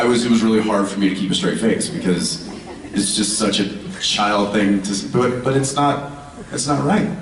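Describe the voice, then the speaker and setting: A man on a convention panel telling a family anecdote, chuckling and acting out his kid's lines. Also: mid-range voice. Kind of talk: anecdote told on stage. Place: large convention hall. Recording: echoey hall, mic heard from far off, loud noise. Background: loud audience laughter and chatter.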